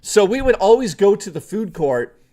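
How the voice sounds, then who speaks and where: Animated, swearing man telling a story. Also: high-pitched, normal speed. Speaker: streamer. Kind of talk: casual storytelling on a stream.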